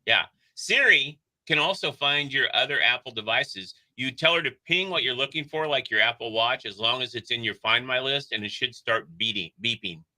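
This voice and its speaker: Man, radio co-host, bright tone, playful teasing, casual on-air chat. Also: mid-range voice, moderate pace, hardly any pauses, low-quality recording. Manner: joking, teasing deadpan asides. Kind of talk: casual morning radio banter. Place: radio studio.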